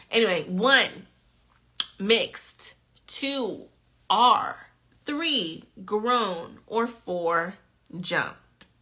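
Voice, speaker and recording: Slow-talking, bright-voiced woman tutor. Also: medium pitch. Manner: playful, chatty, laughs often, reads questions aloud. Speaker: nursing exam tutor hosting a live quiz game. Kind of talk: casual live-stream quiz teaching.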